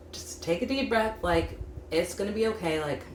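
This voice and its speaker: A woman's voice: medium pitch, moderate pace, darkish tone. A young adult woman giving a casual tarot reading, chatty, full of "like" fillers. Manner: chatty, frequent "like" fillers, laughs while talking. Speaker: tarot reader. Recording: echoey room with faint hum.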